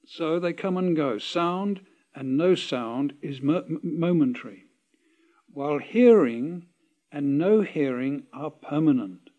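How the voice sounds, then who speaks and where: Slow, deliberate male reader. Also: on the high side, expressive, warm tone, lo-fi sound. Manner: slow, deliberate, with pauses and self-corrections. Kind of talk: reading and explaining a parable.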